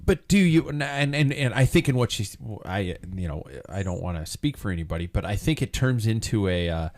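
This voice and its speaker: A man with a very low voice hosts a live podcast from a studio, chatting casually with his panel. He tells jokes and keeps asking the others what they think. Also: expressive, a little fast, darkish tone. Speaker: podcast host. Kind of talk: casual chat.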